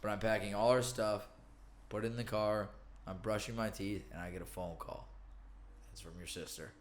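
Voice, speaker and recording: A man's voice: on the low side, steady tone, moderate pace. A man hosting a casual podcast, telling a story full of swearing and quoted lines. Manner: swearing storyteller, quoting others. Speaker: podcast host.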